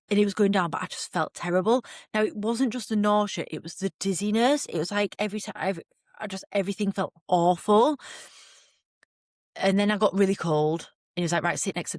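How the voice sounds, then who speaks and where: A woman's voice: lowish voice, no echo, clean studio sound. A woman hosting a podcast, frankly recounting a personal story in a chatty way and acting out her own reactions. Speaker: podcast host. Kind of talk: candid storytelling monologue.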